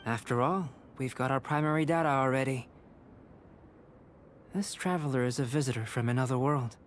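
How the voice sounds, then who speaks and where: A man voicing a calm young male alchemist in a game, measured and lecturing. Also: mid-range voice, slight background noise, close to an everyday voice. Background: faint game music.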